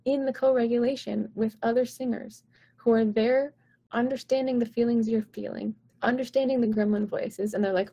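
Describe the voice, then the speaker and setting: A woman vocal coach talking to her viewers on a live stream, chatty and encouraging, with "like" and "right?" all through her talk. Her voice is husky and mellow, with some vocal fry at the ends of phrases. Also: fairly high pitch, steady tone, normal speed.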